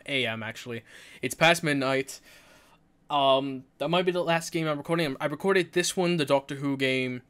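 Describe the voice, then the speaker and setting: Stammering and repeating words often, a young adult creator makes jittery, nervous let's-play commentary while playing a horror game. The voice is medium in pitch and a bit bright.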